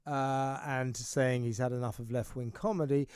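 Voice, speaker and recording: A man's voice: medium pitch, steady tone, moderate pace, a little mellow, clean tone, dry recording. A man hosting an opinionated studio talk show, asking pointed, provocative questions.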